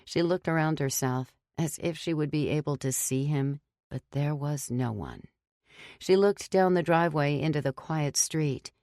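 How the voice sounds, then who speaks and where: A woman narrating a horror audiobook in a steady, measured reading. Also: deep voice, no room sound, studio quality.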